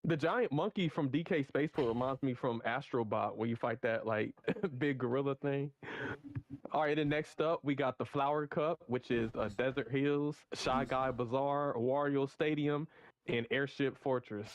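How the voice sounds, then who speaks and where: A man co-hosting a casual gaming podcast, excitedly reading out race tracks and laughing along. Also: medium pitch, moderate pace, no echo, lo-fi sound. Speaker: podcast co-host.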